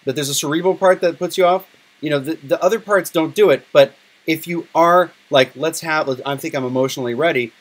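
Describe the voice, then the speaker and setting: Candid, emotional man with a higher voice. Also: fairly quick. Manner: candid and emotional, swears freely. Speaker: podcast host. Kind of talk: casual chat.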